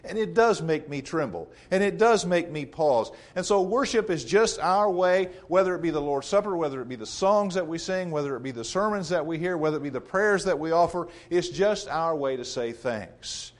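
A man preaching a sermon in an earnest, measured way, repeating phrases for emphasis. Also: on the high side, animated.

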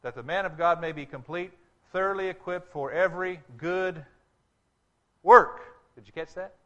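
A male preacher delivering a sermon, reading scripture aloud and slowing down hard on key words for emphasis. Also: high voice, a bit bright, muffled recording. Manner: emphatic, slows to stress scripture quotes.

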